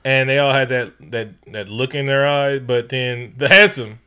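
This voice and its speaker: A man's voice: mid-range voice, moderate pace, bright, forceful tone, smooth. A man co-hosting a podcast, retelling a movie as comedy, laughing often and acting out the characters in slangy voices. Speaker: podcast co-host. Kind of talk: casual comedic movie recap.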